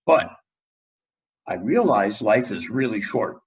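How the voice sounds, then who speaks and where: Speaking slowly in a husky, lowish voice, a middle-aged man shares a personal story as a guest dentist in a podcast interview. He's an animated storyteller who performs the quotes, though the recording is muffled.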